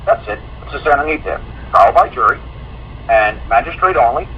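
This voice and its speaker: A man on a call-in show telling a long story in a rambling, animated way, with many fillers and restarts. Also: medium pitch, moderate pace. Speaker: guest. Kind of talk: casual call-in chat. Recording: muffled online call audio with faint hiss.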